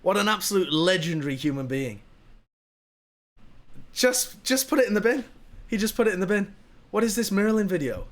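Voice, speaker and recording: A man's voice: high voice, a little fast, long pauses. A man streaming live, telling a funny story casually and laughing at it as he goes. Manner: animated, laughing at his own story.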